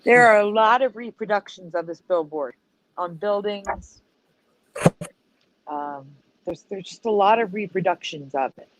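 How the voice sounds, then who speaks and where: A woman's voice: mid-range voice, a little slow. A woman co-hosting a casual livestream chat, explaining pictures and asking viewers questions. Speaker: co-host. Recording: dull lo-fi stream audio.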